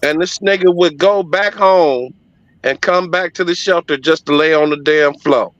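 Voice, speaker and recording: A man's voice: fairly high pitch, normal speed, no room sound. A middle-aged man telling a story in casual conversation, emphatic and profane but heartfelt. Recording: dull lo-fi audio, dry.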